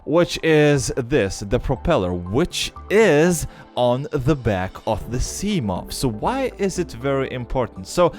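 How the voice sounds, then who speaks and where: A man's voice: mid-range voice, sing-song, slow pace, few pauses, darkish tone, faint music behind. A young man with a non-native English accent, giving game commentary and explaining step by step with many fillers. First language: not English. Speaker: gaming YouTuber.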